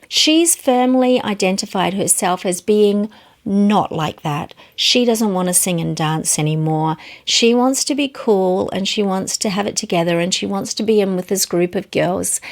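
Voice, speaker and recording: Woman teacher, mid-pitched, earnest storyteller explaining psychology. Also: gravelly. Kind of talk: teaching with illustrative stories.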